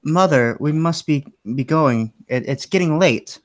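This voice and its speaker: A man's voice: a little high, unhurried, voice pushed up, natural voice. Brief: formal grown daughter, apologetic and stiff, voiced by a man.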